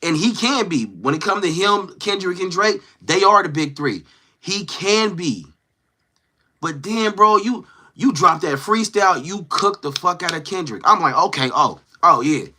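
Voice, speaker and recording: A man hosting a casual livestream, talking to his chat in a slangy, animated way and acting out quoted lines. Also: high-pitched, measured pace. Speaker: livestream host. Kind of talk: casual livestream chat, reading viewer comments.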